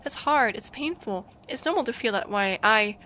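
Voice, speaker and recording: A woman's voice: a little high, animated, moderate pace, bright, forceful tone, slight background noise. A woman voicing a stubborn young woman engineer who speaks firmly and comfortingly. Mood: gentle. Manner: firm and comforting.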